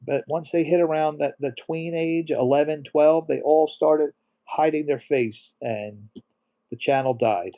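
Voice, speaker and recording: A middle-aged man hosts a casual live stream, reading viewer comments aloud in a soft, emotional voice. His pitch is a little high and his pace a little slow.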